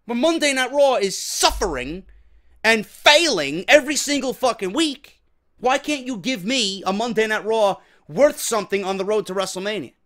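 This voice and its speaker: A man delivers an exasperated, profanity-laced rant as a show host. His voice sits high and cuts with a sharp, bright edge. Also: expressive, moderate pace. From New York. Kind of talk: ranting commentary.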